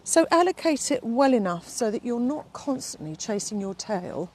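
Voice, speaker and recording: A woman's voice: a little high, sing-song, normal speed, a little mellow. A middle-aged woman, a fitness instructor rambling in a casual vlog outdoors, out of breath while walking up a steep hill with her phone. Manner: chatty, rambling, fond with her dog.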